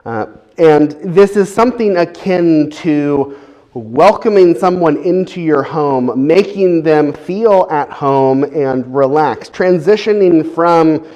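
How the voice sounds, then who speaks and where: A man's voice: a little high, expressive, takes it slowly, darkish tone. A man preaching a sermon who explains in a conversational way, with frequent fillers.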